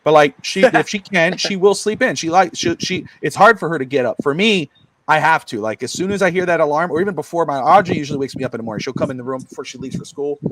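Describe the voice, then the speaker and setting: Fast-talking middle-aged man telling stories. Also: fairly bright tone, no room sound. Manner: rambling storyteller, acts out quotes in high voices. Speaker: podcast co-host. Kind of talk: casual chat. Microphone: streamed podcast mic.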